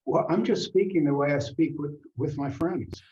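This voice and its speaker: A man's voice: a little high, normal speed, mellow, slight background noise. An older man in frank, unguarded casual conversation, speaking plainly and sometimes swearing for emphasis. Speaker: guest. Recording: dull lo-fi sound.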